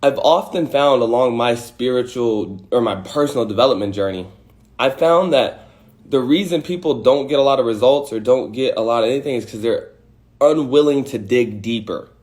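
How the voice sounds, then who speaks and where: A man's voice: mid-range voice, a little fast, a little mellow. A man hosting a livestream, giving a casual motivational talk and acting out angry and scared voices with some swearing. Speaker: host.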